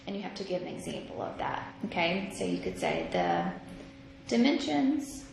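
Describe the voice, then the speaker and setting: A woman teaching a math lesson, slow and patient, thinking out loud as she works through examples. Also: on the low side, wildly swooping pitch, vocal fry. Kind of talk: recorded classroom lesson. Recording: echoey room with noise.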